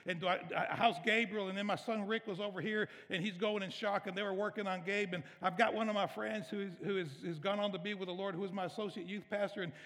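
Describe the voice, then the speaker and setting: Middle-aged man, pastor, emotional storytelling sermon, slightly high voice, big church reverb. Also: fairly bright tone. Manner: emotional, storytelling, conversational preaching. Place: church sanctuary.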